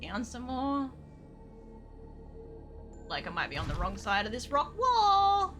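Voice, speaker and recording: A woman's voice: a little high, huge pitch swings, takes it slowly, fairly bright tone, soft background music. A woman streaming a video game, muttering to herself, swearing freely and humming little nonsense tunes while she plays. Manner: hums and sings nonsense sounds while playing. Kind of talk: live gameplay commentary.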